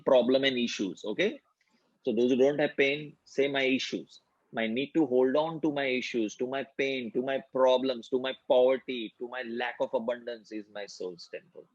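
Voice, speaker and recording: A man guides a group through a healing exercise over a video call, speaking calmly and steadily. He repeats each affirmation slowly, like a chant. The dry, dull sound of a computer microphone frames his mid-pitched voice. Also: no room sound. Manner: calm instructive, repeats affirmations in a slow chant. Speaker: workshop facilitator. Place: online group session.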